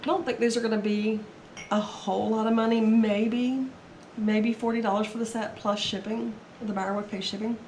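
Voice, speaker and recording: A reseller vlogger chats and rambles through her resale haul in a casual video, her voice a little strained as she recovers from being sick. She speaks at normal speed with hardly any pauses, in a slightly high, fairly monotone, darkish voice. The echoey room carries faint ambience and slight background noise.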